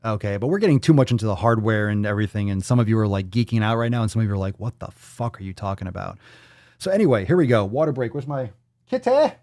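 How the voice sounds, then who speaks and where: A man hosting a casual livestream podcast, rambling and profane as he thinks out loud. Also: lowish voice, big pitch swings, rapid-fire, dry recording, studio quality. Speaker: podcast host.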